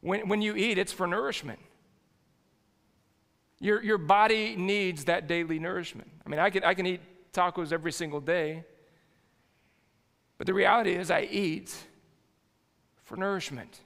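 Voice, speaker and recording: High-voiced, gravelly male pastor. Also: fairly even intonation, normal speed, fairly bright tone. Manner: folksy and jokey, with frequent restarts. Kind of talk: conversational sermon. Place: church sanctuary. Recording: long hall reverb.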